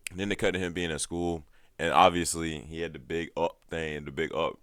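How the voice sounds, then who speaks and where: A man's voice: very deep voice, little pitch movement, brisk, fairly bright tone, no echo. A man with a stuffed-up nose giving a heated, rambling TV show recap full of swearing. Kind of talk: casual profane TV recap.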